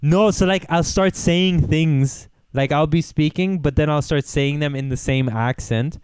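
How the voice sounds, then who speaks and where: Smooth-voiced man telling rambling stories. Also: fairly high pitch, measured pace, darkish tone, no room sound. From not from Austria, lives there. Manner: rambling storyteller, mimics accents for laughs. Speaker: podcast co-host. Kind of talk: casual chat.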